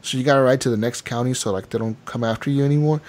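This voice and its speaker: A man's voice: mid-range voice, racing. Young guy on a gaming podcast, chatty, acts out scenes as he tells them. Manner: animated storyteller, acts out game characters. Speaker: podcast co-host. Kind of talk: casual gaming podcast chat.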